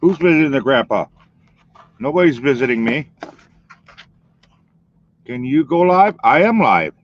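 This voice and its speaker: A man's voice: medium pitch, sing-song, unhurried. A man talking casually on a live stream, filling in for the host in a rambling, chatty way. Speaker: stand-in streamer. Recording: dull lo-fi dry stream audio.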